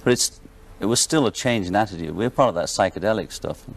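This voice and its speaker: A man's voice: lowish voice, fast, gravelly. A man from Liverpool with a Liverpool accent, a guest in a television studio chatting casually, wry and joking with frequent laughs. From England, Liverpool. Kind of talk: casual talk-show chat.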